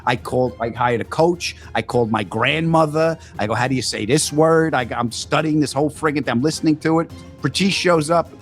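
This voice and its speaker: A man's voice: on the high side, fairly quick, soft background music. A man telling a comedy story in casual talk, acting out quoted lines in a raised voice. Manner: animated, acts out quotes in raised voice.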